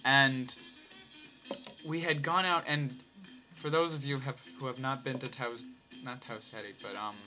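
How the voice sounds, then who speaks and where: A man's voice: medium pitch, pushed and bright. A man telling a long, rambling story in a casual, off-the-cuff way, swearing and laughing easily.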